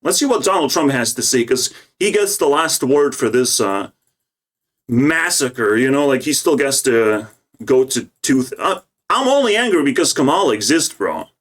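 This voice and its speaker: A man's voice: mid-range voice, sing-song, moderate pace. A young man ranting in agitated, profane reaction commentary on politics.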